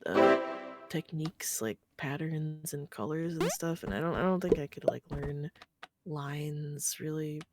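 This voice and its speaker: A woman's voice: sits low, measured pace, over loud music. A woman chatting as a guest on a game stream, giggly and trailing off into restarts. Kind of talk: casual chat on a game stream.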